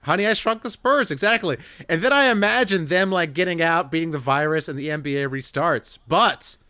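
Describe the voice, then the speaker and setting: Young male podcast host, slightly high, dry close sound, jokey and quick to laugh. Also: bright, forceful tone, smooth, no room sound. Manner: joking, laughs often, quick restarts. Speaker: podcast host reading listener questions. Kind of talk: casual chat.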